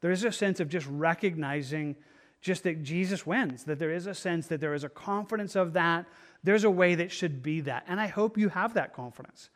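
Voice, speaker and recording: A man teaching a Bible study in a conversational way. He is earnest, thinks aloud as he goes, and often restarts his sentences. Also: a little high.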